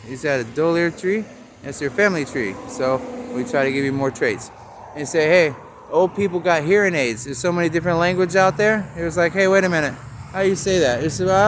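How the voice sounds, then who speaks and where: Man, slightly high voice, rambling and free-associating, punning on signs, out on a town street, faint traffic noise behind. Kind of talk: rambling outdoor monologue.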